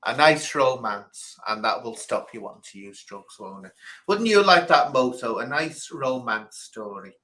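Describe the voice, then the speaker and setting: A man's voice: medium pitch, moderate pace, low-quality recording. A man hosting a casual live stream, telling stories with emphatic repetition. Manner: animated storyteller, emphatic repetition. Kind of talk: casual chat.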